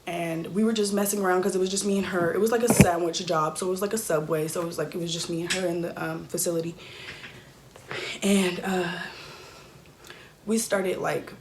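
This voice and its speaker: A young woman telling an emotional personal story in a halting, soft-spoken way with many fillers. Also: on the low side, fairly even intonation, background noise. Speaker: YouTuber.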